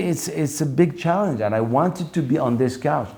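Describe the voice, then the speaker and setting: A middle-aged man from Morocco, speaking English as a guest comedian in an interview and telling lively anecdotes. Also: on the high side, moderate pace, slight background noise. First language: French. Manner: animated, acts out quoted voices. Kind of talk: interview storytelling.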